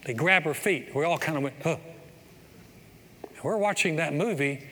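A middle-aged man preaching in a church sanctuary, his voice bright and a little high for a man. He tells a story in a lively, building way, with a long reverb tail ringing off the hall and faint room ambience behind. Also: a little fast. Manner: storytelling, builds to excited exclamations. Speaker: pastor. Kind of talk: sermon.

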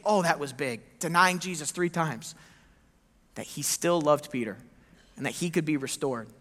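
A bright, high-pitched male pastor preaches with lively storytelling, slipping into the voices of the people he quotes. His sermon rings out with a long hall reverb around it. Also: normal speed. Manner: animated storytelling, acting out quoted lines.

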